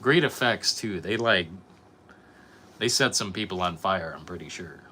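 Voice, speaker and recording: A man's voice: low voice, animated, a little slow, pushed and bright, slight background noise. A young man streaming, chatting casually with his viewers, rambling and swearing a lot. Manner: profane, rambling, reacting to chat. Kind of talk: casual live-stream chat.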